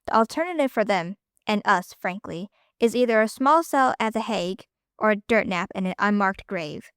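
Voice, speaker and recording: A woman voicing a cold female operative who speaks in a flat, matter-of-fact way. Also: medium pitch, moderate pace, clean tone, no echo, clean studio sound, close to an everyday voice. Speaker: student reader. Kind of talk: amateur story reading.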